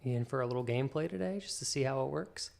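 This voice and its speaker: A man hosting a casual livestream, chatting with viewers and talking softly to his pet between remarks. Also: medium pitch, quick pace, vocal fry. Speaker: livestream host.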